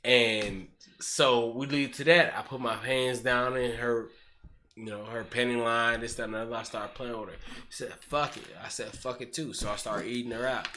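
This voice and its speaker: A man telling a profane story in casual chat, animated and acting out the voices of people in it. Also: medium pitch, moderate pace, a little hiss or hum.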